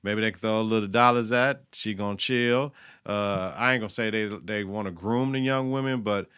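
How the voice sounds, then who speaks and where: A man's voice: lowish voice, moderate pace, fairly bright tone, clean tone. A man hosting his own podcast, giving blunt, profane, slang-heavy commentary in a casual solo monologue. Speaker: podcast host.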